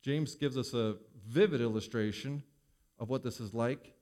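Preaching at a normal speed, this male pastor has a mid-range voice and alternates booming emphasis with quiet, hushed asides.

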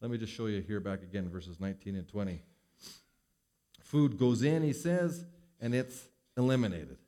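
A man preaching a sermon as pastor, swinging between loud emphasis and hushed asides. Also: fairly low pitch, lively intonation, normal speed.

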